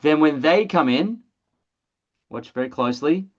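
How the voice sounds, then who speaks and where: Blunt, excitable trainer voice, mid pitch, muffled video-call audio, casual swearing. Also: a little slow. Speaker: presenter of an online training call. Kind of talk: energetic sales training webinar.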